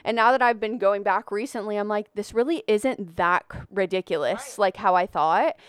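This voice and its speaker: A woman's voice: mid-range voice, normal speed, clear, resonant tone. A woman in her twenties co-hosting a faith podcast, talking earnestly and encouragingly. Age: 20s. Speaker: podcast co-host. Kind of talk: casual chat.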